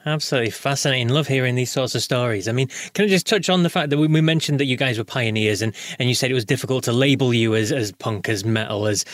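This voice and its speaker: A man's voice: mid-range voice, fast talker, hardly any pauses, dry recording, clean studio sound. A man hosting an interview, asking long, enthusiastic run-on questions. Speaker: interviewer host.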